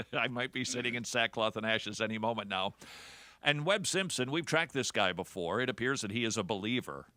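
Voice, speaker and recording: A man's voice: medium pitch, expressive, moderate pace, pushed and bright, no room sound. A man hosting a radio talk show, delivering a sarcastic, jokey monologue. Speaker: host.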